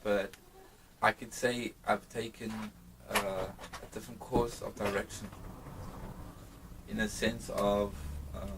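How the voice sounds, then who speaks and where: A man from South Africa, a hip-hop artist, talking in a casual interview with a reflective, halting manner full of restarts. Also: lowish voice, level tone, noisy background.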